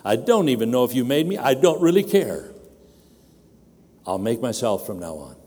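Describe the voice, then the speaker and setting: A man's voice: medium pitch, moderate pace, breathy edge. Older man preaching in a big hall. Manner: animated, acting out a demanding baby in a raised voice. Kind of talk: sermon. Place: large conference hall.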